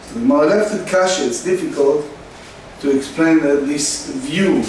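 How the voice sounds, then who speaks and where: Man, Talmud lesson, slow halting explanation, faint background noise. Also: fairly high pitch, darkish tone, distant mic. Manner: slow, halting delivery, reading Aramaic then translating. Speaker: Talmud teacher. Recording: echoey room, faint noise.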